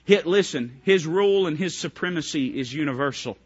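A male pastor preaching a sermon with fervor, asking the congregation questions and swinging between loud high calls and hushed low lines. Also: lively intonation, fairly quick, breathy edge, dull audio. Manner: asks the congregation direct questions.

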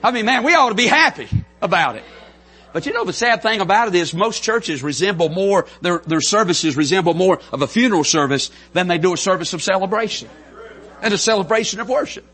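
A middle-aged Southern preacher with a North Carolina drawl, his voice pitched high, bright and a little husky. He preaches with fervor, dropping to a near hush and then climbing to full shouts. It sounds like a sermon delivered from a church pulpit. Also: expressive, brisk. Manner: fervent, builds to shouts, drops to soft intimate lows. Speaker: pastor. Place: church sanctuary.

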